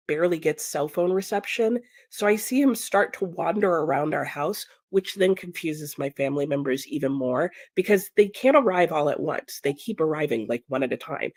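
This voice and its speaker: A young adult woman telling a long comic story in a casual way, acting out the voices of the people in it. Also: mid-range voice. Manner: animated, acts out quoted voices. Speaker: streamer hosting reading sprints.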